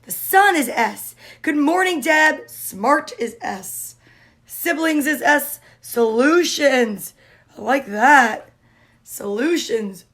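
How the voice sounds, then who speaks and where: A woman hosting a casual livestream, greeting viewers by name and chatting in a cheerful, drawn-out way. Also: high voice, expressive, a bit bright. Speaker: livestream host.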